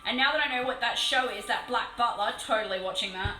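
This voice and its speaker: An Australian woman chatting casually on a live stream while painting a model, excitable and swearing freely. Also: fairly high pitch, quick pace, roomy sound, soft background music, rough recording.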